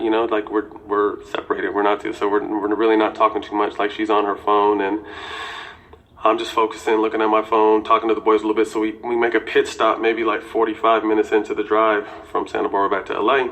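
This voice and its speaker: A man's voice: fairly low pitch, level tone, fast, fairly bright tone, low-quality recording. A man in his forties telling a personal story casually and candidly, with swearing and lots of "you know".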